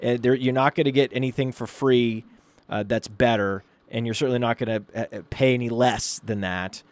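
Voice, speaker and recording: Excitable podcast guy, dry close sound. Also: medium pitch, fairly quick, dry recording. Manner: animated storyteller, rants excitedly. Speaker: podcast co-host. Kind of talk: casual podcast chat.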